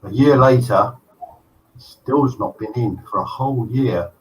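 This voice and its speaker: A man co-hosting a live show, telling a long corny joke in an animated, self-mocking way. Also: mid-range voice, unhurried. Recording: distant mic, faint noise.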